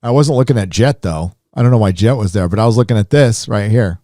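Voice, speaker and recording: A man hosting a live stream, rambling casually with lots of fillers and restarts, his voice rising when animated. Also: fairly low pitch, fast, dry recording, clean studio sound. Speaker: live show host.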